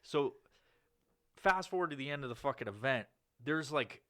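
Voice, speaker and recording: A man's voice: expressive, normal speed. A man hosting a podcast, telling a long story in casual chat, swearing often and rambling with fillers. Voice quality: profane, rambling delivery with many fillers. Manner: acts out quoted people with sudden loud, higher outbursts. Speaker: podcast host.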